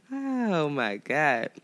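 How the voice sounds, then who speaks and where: Hoarse, low-voiced Philly woman. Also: fairly bright tone, no echo. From Philadelphia. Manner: blunt, profane and teasing. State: hoarse, gravelly voice from being sick. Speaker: podcast co-host. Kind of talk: casual chat between friends.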